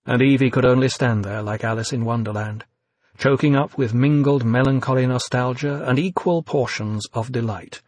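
A man narrating an audiobook with measured, descriptive storytelling and a husky voice. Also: medium pitch, a little mellow, no echo.

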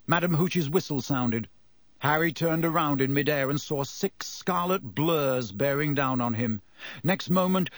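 A man giving lively, dramatic audiobook narration. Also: a little high, dry recording.

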